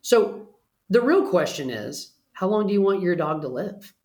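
A man's voice: high voice, very animated, normal speed, a little mellow, roomy sound. A man, a pet trainer guest, talking earnestly and persuasively in a casual interview.

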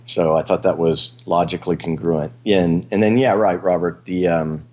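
A man talks through ideas with a co-host in a casual, rambling way, full of fillers and restarts. His voice sits very low. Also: steady tone, normal speed, darkish tone. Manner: rambling, hesitant, frequent fillers and laughs. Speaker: podcast host. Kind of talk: casual chat.

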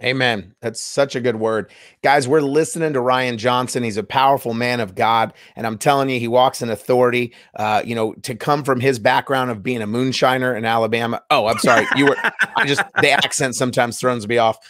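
A man's voice: mid-range voice, fairly even intonation, a little fast, fairly bright tone, dry recording, studio quality. A man hosting a faith podcast, chatting casually and teasing his guest, often mock-quoting people. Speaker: podcast host.

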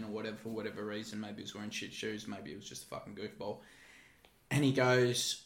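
An Australian man hosting a casual podcast chat, telling bouncer stories bluntly, with heavy swearing and animated delivery. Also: lowish voice, fast talker. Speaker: podcast host, former bouncer. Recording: echoey room.

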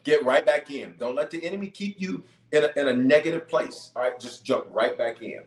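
A man's voice: on the high side, fairly quick, echoey room. A man serving as bishop, leading a live-streamed prayer call, greeting viewers by place and answering their questions with emphatic repetition. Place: room at home base near Denver.

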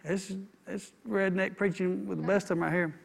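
This man's voice sits high and holds a steady tone at a moderate pace, with some creak and a little background noise. He's a pastor delivering a folksy sermon, repeating himself and asking the congregation for amens.

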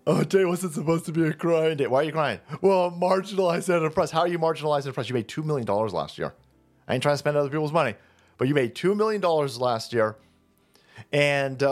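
A man hosting a commentary show, ranting in a combative, mocking way and swearing constantly. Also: on the high side.

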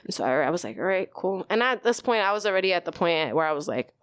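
Interview guest: woman, 30s, low voice, loose candid storytelling with swearing. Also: lively intonation, quick pace, clear, resonant tone. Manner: casual, lots of "like", swears freely.

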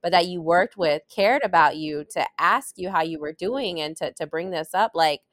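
A woman's voice: lowish voice, normal speed, fairly bright tone, dry recording. A woman hosting an interview, speaking in an encouraging, affirming way and often asking "right?". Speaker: interview host. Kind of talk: supportive interview conversation.

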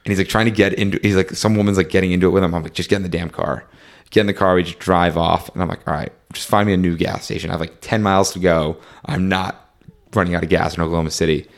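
A young man with a very low, deep voice tells a rambling road-trip story over a casual chat. He leans heavily on "like" and "um" and slips into quick reenactments of the back-and-forth. The delivery stays loose and conversational throughout. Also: fairly even intonation, vocal fry. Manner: rambling, fillers like "like" and "um", reenacts dialogue.

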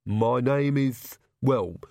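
A man voicing a haughty, grumbling male castle servant who speaks slowly. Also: medium pitch, a little mellow, no echo, clean studio sound.

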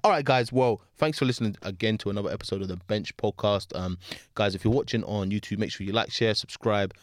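Man, podcast host, quick slangy chat, dry sound. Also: on the low side, no echo. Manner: rapid, slangy, enthusiastic. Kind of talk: casual sports chat.

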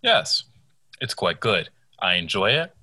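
A man's voice: lowish voice, big pitch swings, unhurried, sharp tone, slightly rough, dry recording. A young man co-hosting a podcast, tipsy, rambling and swearing in mock outrage. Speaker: podcast co-host. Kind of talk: casual drunk podcast banter.

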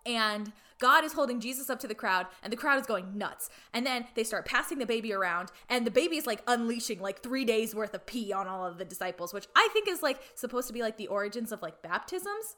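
A woman's voice: on the high side, lively intonation, a little fast, few pauses, bright, forceful tone. A woman in casual chat retelling a story, full of "like" fillers and playfully irreverent asides.

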